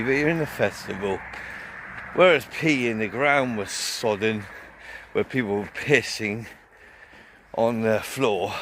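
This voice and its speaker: A man's voice: medium pitch, fairly bright tone, slight background noise. A man vlogging a casual, rambling festival review, swearing often and telling a story full of fillers.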